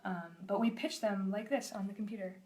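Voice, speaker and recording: A bubbly young woman in a studio, talking at an ordinary middle pitch. She walks through a storyboard pitch on a live stream, upbeat and quick to laugh. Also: fairly even intonation, darkish tone. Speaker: storyboard artist.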